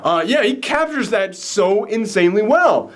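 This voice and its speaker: A man's voice: high-pitched, very animated, moderate pace, a bit bright. A man hosting a casual movie reaction chat, enthusiastic and rambling, with lots of fillers and restarts. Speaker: film review show host.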